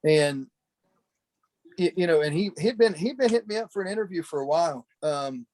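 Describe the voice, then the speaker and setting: A man's voice: on the high side, lively intonation, a little fast, darkish tone. A man who used to wrestle, reminiscing in a rambling, talkative way, full of restarts and "you know," speaking over a video call. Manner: chatty, talkative storyteller. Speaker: former pro wrestler, podcast guest. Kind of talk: casual memorial reminiscing. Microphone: video call camera.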